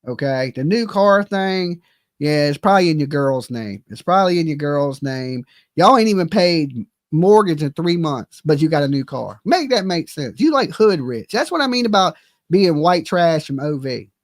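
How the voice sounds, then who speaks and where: A man's voice: on the high side, lively intonation, normal speed, no echo, studio quality. A man giving casual, profane reaction commentary, mocking his subject and laughing often. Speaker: commentary streamer.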